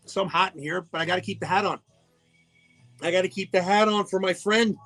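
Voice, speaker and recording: A man's voice: high voice, fairly even intonation, a little fast, a bit bright. A man hosting a live radio show in casual, jokey chat, greeting listeners by name. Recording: faint music behind the voice.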